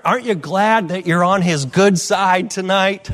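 A pastor preaches a sermon, reading scripture aloud and commenting on it with frequent fillers, swinging between low asides and loud declarations. His delivery is unhurried.

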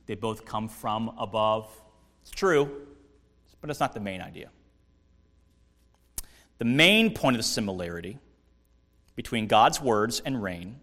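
A male pastor preaching a sermon, teaching deliberately and putting questions to the congregation. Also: mid-range voice, big pitch swings, sharp tone, in a large hall.

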